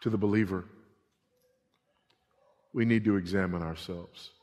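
A middle-aged male pastor preaching a sermon, swinging between emphatic repeated warnings and hushed, low passages. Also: steady tone, a little slow. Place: church sanctuary. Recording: long reverb of a church hall.

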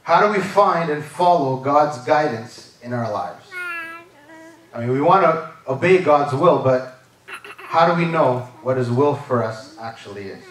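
A man's voice: mid-range voice, expressive, unhurried, a bit bright. Man preaching in an echoey church. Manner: conversational, keeps asking "right?" and "amen?". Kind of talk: sermon. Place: church service. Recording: echoey church hall, mic far off.

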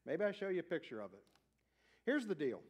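A man with a noticeably high voice delivers a sermon. He presses his points hard and climbs toward near-shouts. Then he drops into easy, joking asides aimed at the people in the pews. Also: sing-song, brisk, breathy edge. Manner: emphatic, rising to near-shouts on key points; chatty asides to the congregation. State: out of breath. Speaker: pastor.

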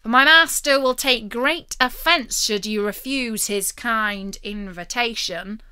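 A woman doing a loud, hearty giant outlaw. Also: a little high, slow, clear, resonant tone, heavily acted. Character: huge fearless male outlaw, hearty.

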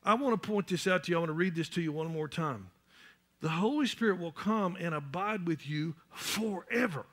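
A man preaching a church sermon, building up to loud, emphatic peaks and repeating words as he searches for the next one. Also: high-pitched, moderate pace. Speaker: pastor.

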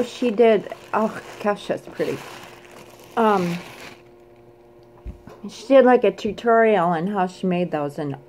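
A woman with a fairly high voice, chatting slowly and warmly through a casual unboxing vlog. She gushes over each item, breaking into excited squeals and little screams. A faint hiss of noise sits under her voice. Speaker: craft vlogger.

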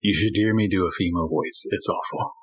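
Give me a deep, husky man chatting casually about his game, laughing at himself. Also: fast. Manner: laughing, animated, self-deprecating. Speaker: player, cast member. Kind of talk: casual chat. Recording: dull lo-fi sound.

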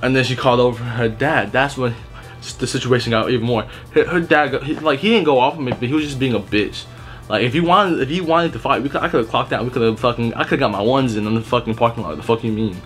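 A young man at an average pitch vents about retail customers in a loose storytime vlog. He swears constantly, restarts his sentences and never softens anything. Faint music plays softly behind him. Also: quick pace. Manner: blunt, heavily profane, rambling with restarts. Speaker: retail worker telling stories.

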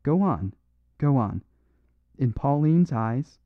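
A man voicing a small, quiet, sorrowful priest detective, speaking gravely, on a dry, phone-like recording. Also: mid-range voice, lively intonation, normal speed, no echo, lightly acted. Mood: urgent. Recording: dry phone-like narrow sound.

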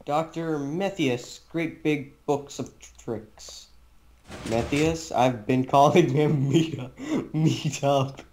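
A woman's voice: low voice, slow pace, darkish tone, slight background noise. A woman chatting while playing a co-op game, laughing often and protesting when teased. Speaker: gamer teammate. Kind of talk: casual gaming chat.

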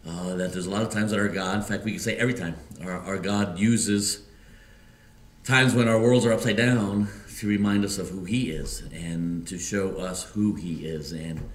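Deep-voiced Midwestern pastor, halting sermon. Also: male voice, steady tone. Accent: Midwestern American. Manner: halting, many fillers and restarts. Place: church sanctuary. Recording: echoey church room.

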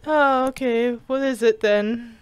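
A woman's voice: on the high side, steady tone, takes it slowly, smooth, dry recording. A young woman giving casual gaming commentary as she reads chat messages aloud, swearing and laughing often, with a sarcastic edge. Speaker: gaming streamer.

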